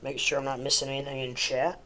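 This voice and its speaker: A man's voice: mid-range voice, monotone, quick pace, a crowd in the background. A man hosting a casual livestream from home, sleepy and rambling with lots of ums and uhs. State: sleepy, yawning. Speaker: livestream host.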